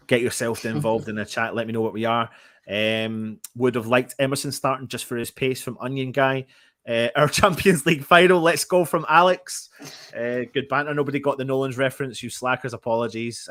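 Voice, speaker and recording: A man hosts a live fan stream and reads out chat comments between his own takes. His voice is mid-pitched and sounds close and dry, with barely any room around it. He talks loosely and breaks into laughter now and then. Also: fairly bright tone, no echo. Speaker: fan channel host.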